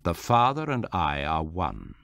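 Low-voiced guy reading jesus, calm teacher, measured, dry close mic. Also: vocal fry, no room sound, heavily acted. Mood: earnest. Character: Jesus, a calm adult male teacher speaking with authority. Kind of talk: scripture reading.

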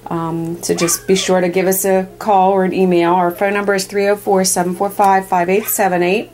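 A woman's voice: medium pitch, flat delivery, moderate pace, darkish tone, slight background noise. A woman dog breeder giving a casual sales walkthrough, talking plainly and chattily with frequent ums and uhs.

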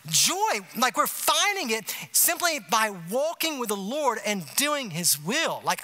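A male pastor, preaching a conversational sermon full of rhetorical asides like "you see what I'm saying?". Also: extremely high pitch. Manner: animated, emphatic delivery. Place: church sanctuary.

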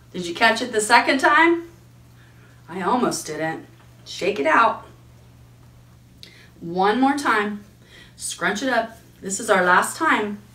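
A woman's voice: medium pitch, sharp tone, breathy edge, poor audio. A woman librarian leading a toddler storytime outdoors, coaxing the children along in a sing-song voice and imitating animal sounds.

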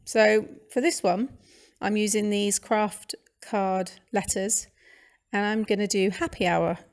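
A British woman from the United Kingdom hosts a craft channel, talking casually over a scrapbooking process video with fillers and restarts. Her mid-range voice stays steady and slow, with a British English accent.

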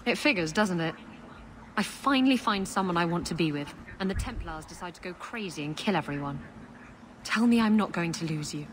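A woman's voice: lowish voice, animated, moderate pace, a little hiss or hum, close to an everyday voice. A woman voicing a frank, bold pirate woman. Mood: tender.

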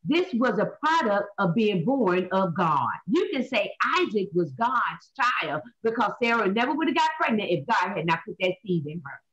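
A woman, hosting a Bible talk show as a minister, preaching in an animated way and asking and answering her own questions. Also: mid-range voice, moderate pace, hardly any pauses. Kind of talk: animated Bible study teaching. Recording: dull lo-fi sound.

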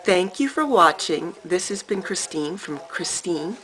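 Woman vlogger, low bright voice, animated and emphatic storyteller. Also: poor audio. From Canada. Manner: animated, emphatic, with dramatic pauses. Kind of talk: casual storytelling to camera.

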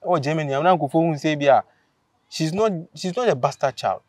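A man, casually telling a story on a vlog, animated and laughing as he acts out what people said. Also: fairly high pitch, normal speed, no echo. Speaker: vlogger host.

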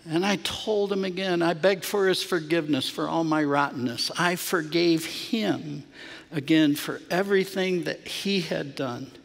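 Middle-aged pastor preaching slow in a church, kinda high voice, big hall echo. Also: male voice, creaky. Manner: earnest storytelling, swings from hushed to emphatic. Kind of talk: sermon. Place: church sanctuary.

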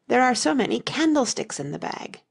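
A woman's voice: a little high, big pitch swings, fairly quick, vocal fry, husky, pitched above the performer's own voice, heavily acted. A woman voicing a fussy, earnest old male knight inventor in an audiobook reading. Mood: anxious. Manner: earnest, anxious, solemn.

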